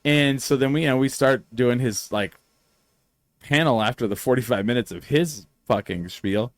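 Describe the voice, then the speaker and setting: A man hosting a podcast, telling stories in a lively, profane, casual way. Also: medium pitch, moderate pace, no echo, studio quality. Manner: animated, profane storyteller. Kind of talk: casual storytelling chat.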